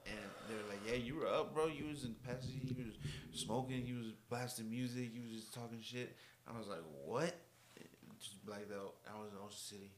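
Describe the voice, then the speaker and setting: A man's voice: medium pitch, fairly even intonation, brisk, hardly any pauses, background noise. A young man co-hosting a podcast, laid-back and laughing, in slang-filled casual chat. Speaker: podcast co-host.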